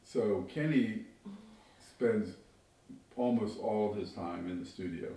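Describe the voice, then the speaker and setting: A man's voice: lowish voice, slow pace, dark tone. A man who works construction speaks casually in a documentary interview, rambling and correcting himself as he goes. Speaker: construction worker and Kenny's host parent. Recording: very echoey room, distant mic.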